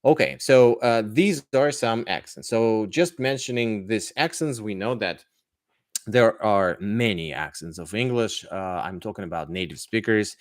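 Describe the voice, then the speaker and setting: Hesitant low-voiced male English teacher. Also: unhurried, dry recording, clean studio sound. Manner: chatty, hesitant, many fillers and restarts. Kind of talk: live-streamed podcast answering viewer questions.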